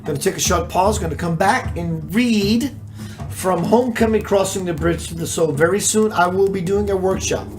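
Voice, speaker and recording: Over music, a spiritual teacher with a mid-range voice hosts a live stream, speaking slowly and thoughtfully. Many rhetorical questions come up, and the teacher reads out comments from viewers.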